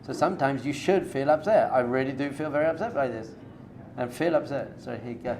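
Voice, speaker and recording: Man teaching a lively informal class. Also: medium pitch, fairly quick, slight background noise. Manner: conversational, direct, coaching tone with everyday analogies. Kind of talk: informal spoken lecture to a live group.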